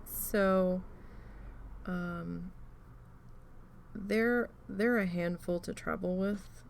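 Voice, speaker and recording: A woman telling a rambling, animated story while crafting, swearing freely and using many fillers. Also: fairly low pitch, drawn-out words, vocal fry, slight background noise. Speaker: crafting channel host.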